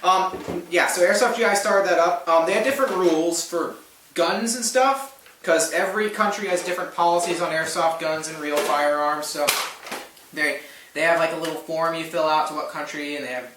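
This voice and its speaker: A young man co-hosting a casual question-and-answer chat, quick and enthusiastic with a joking streak. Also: on the high side, fairly bright tone. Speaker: co-host answering fan questions. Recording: echoey room, mic at a distance, faint noise.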